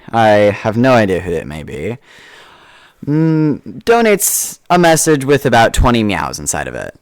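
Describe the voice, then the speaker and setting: A man's voice: mid-range voice, clear, resonant tone, no room sound. A man hosting a charity stream, reading donation messages in a playful, teasing way.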